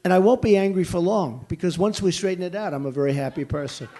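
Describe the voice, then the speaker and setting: An older man on the stump at a rally, hammering his points with blunt repetition. He talks conversationally, wandering into asides before circling back. His voice sits slightly high for a man. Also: fast talker, noisy background. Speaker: political candidate. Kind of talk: campaign rally speech answering questions.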